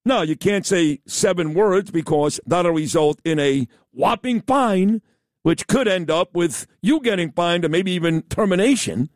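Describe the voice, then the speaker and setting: New guy hosting radio, blunt and fired up, high lively voice, dry studio sound. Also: unhurried, no room sound. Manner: blunt, animated, rambling, emphatic. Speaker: radio talk show host. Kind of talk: opinionated radio talk. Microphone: studio mic.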